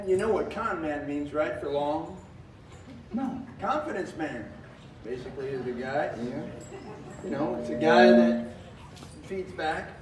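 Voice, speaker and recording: A man's voice: on the high side, measured pace, long pauses. A man performing as a magician and variety showman, talking in a jokey, folksy patter and chuckling often. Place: live stage show with audience. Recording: roomy, distant, with faint noise.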